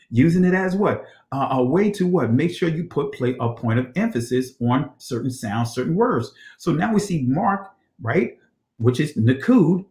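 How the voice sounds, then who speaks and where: A man giving a scripture study lecture, with a voice of ordinary middle pitch. He reads passages aloud, then asks the listeners rhetorical questions and checks in with "all right?" The sound has a noticeable echo, as in a bare room. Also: darkish tone. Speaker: teacher of ancient Hebrew.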